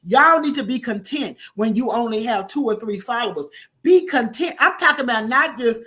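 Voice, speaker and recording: A woman preaching a conversational sermon, calling listeners honey and baby and breaking into loud emphatic bursts. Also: fairly high pitch, expressive, a little fast. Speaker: prophetess preaching online.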